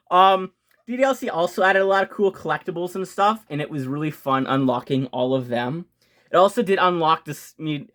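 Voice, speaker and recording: Excitable young man gushing about games. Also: on the high side. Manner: excited, gushing, swears casually; fast-talking with frequent restarts. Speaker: video game channel host. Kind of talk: casual game ranking vlog.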